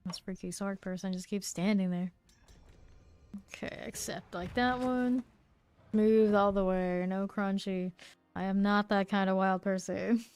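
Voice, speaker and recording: A woman's voice: medium pitch, steady tone, a little slow, a little mellow, clear, resonant tone. A woman streaming a game live, chatting casually and narrating her moves with small laughs. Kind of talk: casual live gameplay commentary.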